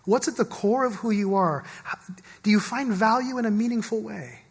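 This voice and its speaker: A man's voice: high voice, moderate pace, breathy edge, big-room sound. A man preaching a sermon as pastor, speaking conversationally and often stopping to ask the congregation questions. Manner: conversational, repeats words and asks the congregation questions. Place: church sanctuary.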